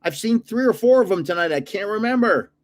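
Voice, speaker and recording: A man's voice: high voice, lively intonation, brisk. Older man chatting over card packs. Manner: rambling, chuckling at his own guesses. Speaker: card-collecting channel host. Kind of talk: casual pack-opening chat.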